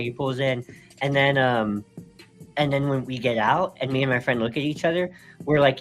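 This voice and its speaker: A man's voice: mid-range voice, brisk, soft background music. A man co-hosting a live stream, telling a story casually and animatedly, laughing between phrases and leaning on fillers. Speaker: co-host.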